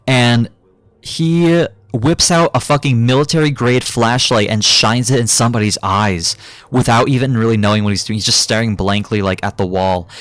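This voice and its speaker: A man's voice: medium pitch, fairly even intonation, normal speed, fairly bright tone, dry recording. A young adult man giving a casual, rambling gaming commentary, swearing freely and filling his talk with ums and uhs. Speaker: gaming YouTuber.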